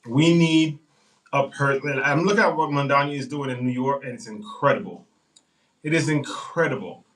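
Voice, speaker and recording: A man's voice: mid-range voice, normal speed, a bit bright, recorded from a distance, poor audio. A male livestream host chatting casually, reading out viewer comments and rambling with restarts. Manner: reads chat comments aloud and rambles on politics.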